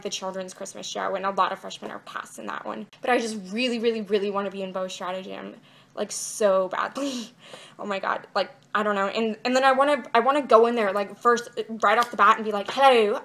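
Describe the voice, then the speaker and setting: A young woman in a casual video diary talks straight to her camera. She rambles from one thing to the next and leans on fillers like "like" and "um", at an ordinary middle pitch. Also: bright, forceful tone, a little hiss or hum. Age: young adult. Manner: rambling and chatty, many fillers like "like" and "um". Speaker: vlogger. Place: indoors, outside her bedroom.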